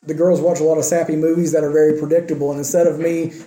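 This pastor races through his sermon in a voice on the high side with little pitch movement, and the sound is roomy. He is earnest and emphatic, alternating loud points with quiet, soft asides.

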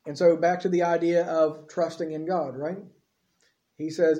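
A man's voice: on the high side, fairly even intonation, moderate pace, mellow. A man preaching through a Bible passage in a conversational teaching style, reading scripture aloud and checking in with his listeners. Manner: conversational, frequent tag questions. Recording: slightly dull lo-fi audio.

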